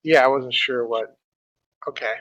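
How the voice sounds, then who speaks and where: A man's voice: mid-range voice, unhurried, fairly bright tone, rough recording. A man playing an online tabletop game, unsure and asking how to work the controls. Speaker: player.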